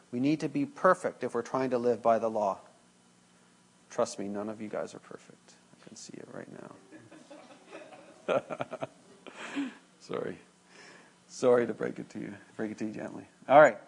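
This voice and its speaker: A man preaching a sermon in a casual, conversational way, acting out a classroom story and joking with the congregation. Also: medium pitch. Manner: conversational, acts out dialogue with students, jokes with congregation. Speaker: pastor.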